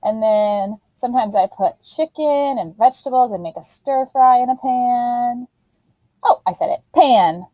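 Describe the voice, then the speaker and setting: A woman teacher giving a phonics lesson to young children in an animated, sing-song voice. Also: a little high, measured pace, no echo, low-quality recording.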